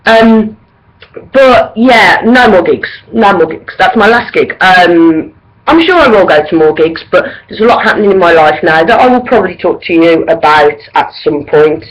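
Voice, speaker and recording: A woman's voice: fairly low pitch, expressive, normal speed, rough recording. A woman in her thirties talks straight to camera in a loose, unscripted vlog. She gushes and rambles, and her sentences are padded with ums and likes. The delivery stays chatty and unpolished. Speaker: vlogger. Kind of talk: casual to-camera gig review.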